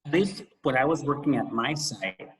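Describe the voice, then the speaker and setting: A man co-hosts a casual podcast and tells a story from his school days. He talks in a loose, conversational way, with quick asides and laughs at himself. His voice sits in an ordinary middle range. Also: mid-range voice, expressive, a bit bright. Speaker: podcast co-host and former school administrator.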